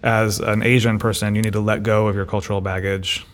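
Low-voiced thoughtful podcast man. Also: level tone, a little fast. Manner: thoughtful, repeats words while thinking. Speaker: podcast co-host. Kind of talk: casual discussion.

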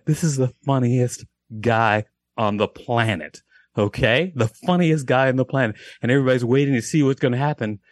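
A man's voice: medium pitch, no echo, studio quality. Man rambling through a long joke. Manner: rambling, restarts, keeps checking in with "okay?". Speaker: guest comedian. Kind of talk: casual joke storytelling.

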